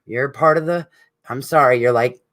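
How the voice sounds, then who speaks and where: With a medium-pitched, fairly bright voice, a middle-aged speaker at a support group meeting speaks straight to an absent friend. What they offer is an emotional, rambling, heartfelt tribute.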